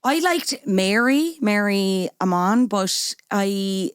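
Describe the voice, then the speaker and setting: A woman guest on a podcast, chatting casually and reacting quickly with expressive remarks. Her voice sits mid-range and is recorded close and dry. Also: medium pitch, smooth, no room sound. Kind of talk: casual chat.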